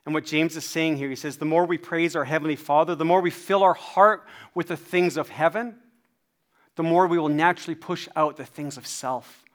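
A man preaching a sermon, telling a personal story in an animated, self-deprecating way. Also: fairly high pitch, moderate pace. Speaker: pastor.

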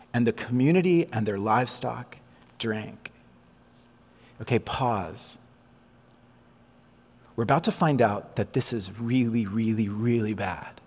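A man preaching a sermon, animated, acting out the lines of the people, Moses and God as he goes. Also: mid-range voice. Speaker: pastor. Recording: long hall reverb.

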